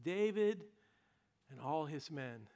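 A man's voice: on the high side, expressive, slow pace, warm tone. A man preaching a sermon, telling a story with vivid drama and humorous asides. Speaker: pastor.

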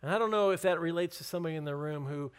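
A man's voice: a little high, racing, clean tone. A man preaching a sermon as pastor, conversational and emphatic, with light jokes.

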